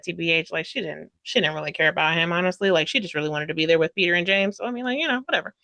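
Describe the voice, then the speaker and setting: A woman giving a casual book review, gushing and chatty, full of fillers, acting out characters' lines with sudden loud outbursts. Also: on the low side, lively intonation, quick pace, creaky, no room sound, clean studio sound. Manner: dramatic quoted voices and sudden loud outbursts.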